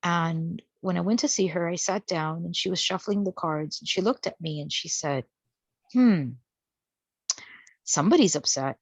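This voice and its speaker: A woman's voice: lowish voice, steady tone, moderate pace, vocal fry, few pauses, dry recording. A woman casually telling a personal story in a chatty way, acting out the people she quotes. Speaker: guest sharing a spiritual experience. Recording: dull, dry lo-fi sound.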